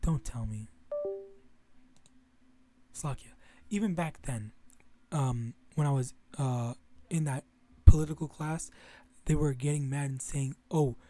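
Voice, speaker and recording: A man's voice: fairly high pitch, a little slow, dark tone. A young man talking casually to his viewers in a rambling way, with many restarts and some swearing. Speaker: religious vlogger. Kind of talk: casual monologue to camera.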